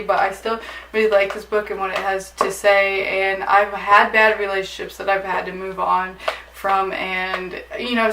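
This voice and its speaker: Chatty young woman, flat voice, roomy echo. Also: mid-range voice. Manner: chatty, lots of "like" fillers. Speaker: book vlogger. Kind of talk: casual book haul chat. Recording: echoey room, mic at a distance, faint hiss.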